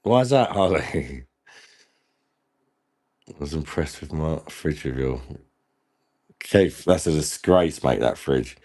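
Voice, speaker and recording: A man's voice: a bass voice, lively intonation, takes it slowly, pauses often, darkish tone. A man hosting a casual live stream, laughing often and bantering with viewers in the chat while he drinks.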